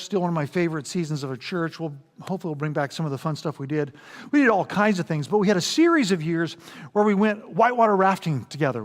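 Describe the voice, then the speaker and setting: A man preaching a sermon as pastor, animated and acting out quoted voices. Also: sits high. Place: large church hall. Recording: long hall reverb.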